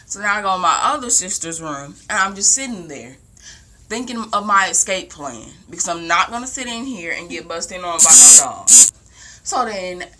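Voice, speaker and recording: A young woman casually telling a long story at home, rambling and animated, with lots of "like". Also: fairly low pitch, normal speed, a little hiss or hum. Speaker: vlogger. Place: home, indoors.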